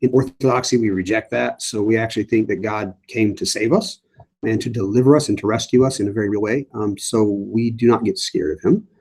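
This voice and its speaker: A man's voice: fairly low pitch, a little fast, darkish tone, slightly rough. Man priest answering live chat. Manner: conversational, many fillers and restarts. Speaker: priest leading a Bible study. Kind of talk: livestream Bible study answering chat questions.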